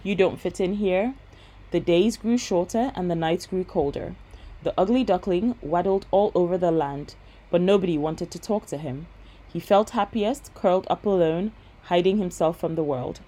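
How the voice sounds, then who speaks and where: A woman reading a bedtime story aloud in a gentle, steady voice. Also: lowish voice, normal speed, rough recording.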